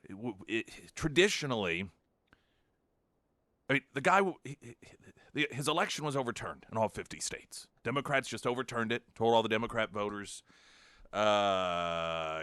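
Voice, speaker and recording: A man hosting morning talk radio, his voice bright and forward, recorded dry and close in a studio. He talks conversationally and opinionated, stumbling through fillers and restarts as he riffs on the day's issues. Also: medium pitch, moderate pace, no room sound. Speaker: radio talk show host. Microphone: studio microphone.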